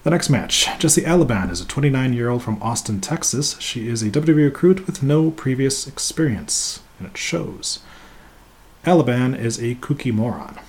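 A man's voice: medium pitch, expressive, fairly quick, few pauses, a little mellow, slight background noise. A man hosting a podcast, reading a scripted wrestling review with sarcastic, mocking asides and crude jokes.

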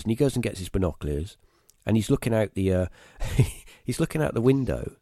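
A man, telling a story as a podcast guest in a rambling, halting way, full of fillers and restarts. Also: lowish voice, animated, mellow, dry recording, studio quality. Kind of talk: casual storytelling.

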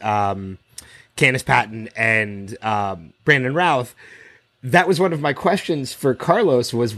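A man with a mid-range voice co-hosts a podcast in a casual, lively way. He tells anecdotes and acts out what other people said. The recording is dry and close. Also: mid-range voice, no room sound. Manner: animated storyteller, acts out quotes. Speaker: podcast co-host. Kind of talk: casual chat.

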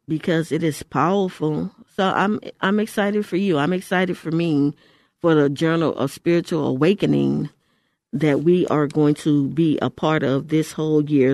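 A woman's voice: low-pitched, a little mellow, dry recording. An older woman from Houston hosting a Christian radio show, exhorting listeners in an emphatic voice that repeats phrases for emphasis. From Houston, Texas. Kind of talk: radio ministry talk. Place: radio studio.

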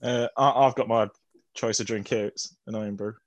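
A man's voice: lowish voice, fairly even intonation, a little fast, no room sound, lo-fi sound. A man in a casual podcast chat, speaking in an easygoing, plain way.

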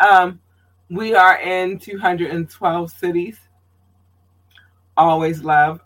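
Chatty podcast host from Baltimore. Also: male voice, high voice, little pitch movement, takes it slowly, long pauses, a bit bright. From Baltimore, Maryland. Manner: loose and chatty, many ums and slang asides. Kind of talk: casual solo podcast chat.

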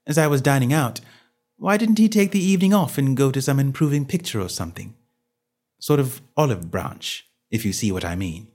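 A man's voice: medium pitch, darkish tone. A man reading a comic novel aloud in the first person, with a playful, mock-grand storytelling manner. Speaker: audiobook narrator. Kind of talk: scripted narration of a comic novel.

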